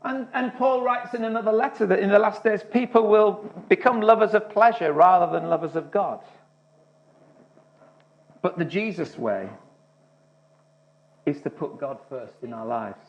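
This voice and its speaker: A man's voice: high voice, moderate pace, pauses often. A man preaching a sermon, speaking earnestly and often restarting his words. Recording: dull lo-fi recording.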